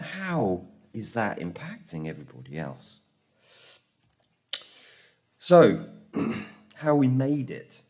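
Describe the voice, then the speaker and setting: Male conference speaker, deep-pitched, lively storyteller who acts out quotes. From England. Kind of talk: conference talk. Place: conference room.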